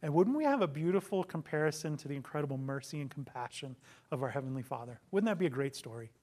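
A man's voice: a little high, animated, fast, darkish tone. A man preaching a sermon, telling a parable with rhetorical questions and acted-out quotes. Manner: dramatic storytelling, acting out quotes, rhetorical questions. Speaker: pastor.

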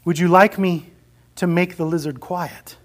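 A preacher voicing a mighty angel who speaks slowly, quietly and firmly. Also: mid-range voice, fairly even intonation, close to an everyday voice. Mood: solemn. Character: calm, stern mighty angel.

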